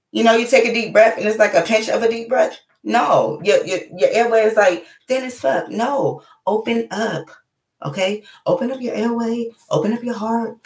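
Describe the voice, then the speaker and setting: A woman hosting her own channel, giving blunt, profane life advice in a casual, animated livestream. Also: fairly low pitch. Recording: echoey room.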